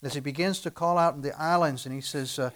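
Speaking fast in a fairly high voice with a steady tone, a man preaches a sermon and reads scripture aloud. He swings between loud and soft and fires rhetorical questions at his listeners.

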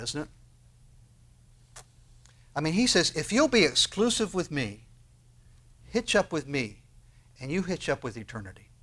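A male pastor preaching a sermon in an animated way, asking rhetorical questions and raising his voice for emphasis. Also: a little high.

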